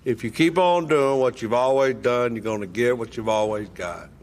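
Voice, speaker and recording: A man telling a wry, deadpan story from his own life at a recovery meeting. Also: mid-range voice, normal speed. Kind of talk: humorous personal storytelling.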